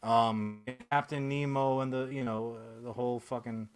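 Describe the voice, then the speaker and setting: A man's voice: medium pitch, steady tone, moderate pace, clean tone. A man in his thirties hosting a casual comic-book podcast, ranting sarcastically and profanely with lots of fillers and restarts. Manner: profane, rambling, sarcastic rant with many fillers. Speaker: podcast host.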